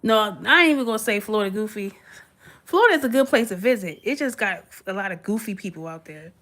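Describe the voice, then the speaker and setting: A woman's voice: medium pitch, expressive, quick pace, a bit bright. A woman, chatting casually and giggling with her livestream viewers. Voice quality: sweet voice. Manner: giggly, chatty, talks back to chat. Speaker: livestream host.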